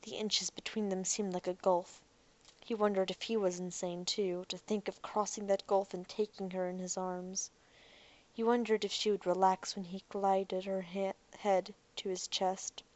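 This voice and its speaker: A woman reading an audiobook aloud in calm, measured narration. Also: medium pitch. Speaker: audiobook reader. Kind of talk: scripted narration.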